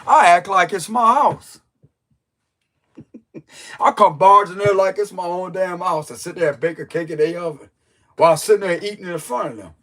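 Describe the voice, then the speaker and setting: A man's voice: sits high, normal speed, long pauses, fairly bright tone. A man who reads tarot, telling a story in a loose, joking way full of slang. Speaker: tarot reader. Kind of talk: casual storytelling chat.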